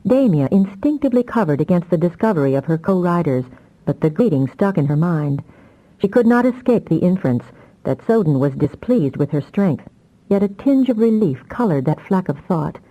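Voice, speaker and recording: Dark-voiced woman reading an audiobook. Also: lowish voice, sing-song, normal speed, dull audio. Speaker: audiobook narrator. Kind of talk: scripted narration.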